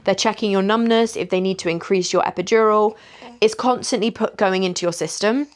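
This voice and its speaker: A woman's voice: mid-range voice, a little fast. Chatty woman telling her story. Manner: chatty, candid, frequent "like" and "you know". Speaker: vlogger. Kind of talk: casual storytelling.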